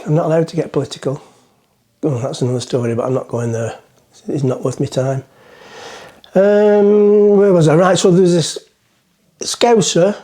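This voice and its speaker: Middle-aged bloke rambling on about a joke, mellow slightly high voice, talks to camera outdoors on a boat. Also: male voice. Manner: rambling, self-mocking, chatty. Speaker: vlogger. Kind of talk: casual chat to camera, joke-telling.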